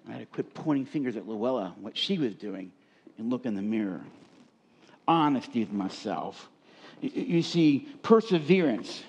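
A man's voice: medium pitch, animated, normal speed, a little mellow, slightly rough, dull audio. A man preaching a sermon from a stage, emphatic and repeating key words for stress. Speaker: pastor. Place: on a stage before a congregation.

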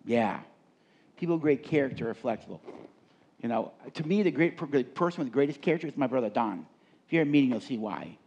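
A man's voice: medium pitch, expressive, fast, darkish tone, husky, lo-fi sound. A middle-aged man speaking at a live leadership seminar, telling stories and asking the audience questions in a conversational way. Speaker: workshop speaker.

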